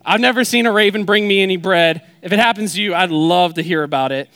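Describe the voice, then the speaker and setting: A man's voice: high-pitched, quick pace, clear, resonant tone, dry recording, faint music behind. A young adult man preaching a sermon in a conversational way, retelling scripture with playful asides. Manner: softens into a hushed prayer. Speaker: pastor.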